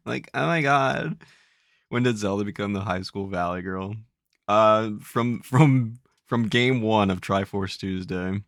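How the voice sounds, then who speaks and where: A man's voice: on the low side, measured pace, creaky, a bit bright, no echo, clean studio sound. A man giving jokey, casual live-stream commentary, laughing at his own bits. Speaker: game streamer.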